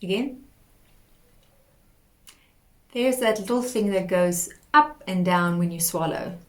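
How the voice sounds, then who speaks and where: A woman teaching a singing lesson, explaining patiently and demonstrating sung warm-up exercises. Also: medium pitch, normal speed. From South Africa. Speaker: vocal coach.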